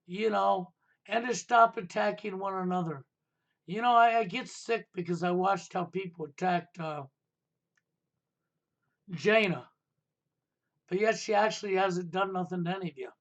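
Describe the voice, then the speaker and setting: A man's voice: high-pitched, normal speed, pauses often, dull audio. A man hosting a live stream, ranting insistently and repeating rhetorical questions. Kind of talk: heated political talk stream.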